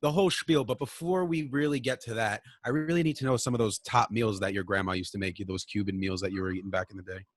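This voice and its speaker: A man's voice: on the low side, fairly even intonation, fast, hardly any pauses, no room sound. A man hosting a podcast, talking in a blunt, jokey and profane way. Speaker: podcast host. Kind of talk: casual podcast chat.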